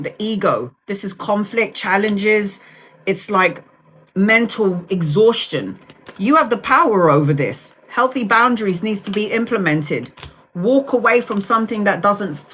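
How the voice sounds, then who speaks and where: A woman's voice: mid-range voice, fairly bright tone. Affectionate woman in her forties reading tarot. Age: 40s. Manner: soothing, affectionate, direct. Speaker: tarot reader. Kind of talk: live-stream tarot reading.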